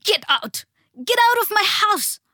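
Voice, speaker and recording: A woman's voice: sing-song, moderate pace, pushed and bright, dry recording, studio quality, exaggerated voice. A woman voicing a frightened and furious mother who screams at an intruder in an audiobook reading. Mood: shrieking. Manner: high-pitched, shrieking, panicked.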